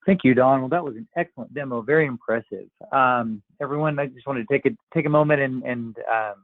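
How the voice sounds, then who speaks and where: A man's voice: mid-range voice, a little fast, no room sound. A man hosting a webinar, thanking the presenter and inviting questions, with frequent ums. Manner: polite, hesitant with many ums. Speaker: webinar host. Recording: tinny phone-like line.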